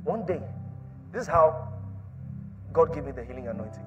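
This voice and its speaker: A man with a high voice preaches a sermon, repeating his lines over and over. He drops to a near whisper, then rises to a shout. Soft music plays faintly underneath. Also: animated, moderate pace, dull audio. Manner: repetitive, swings from hushed to shouting.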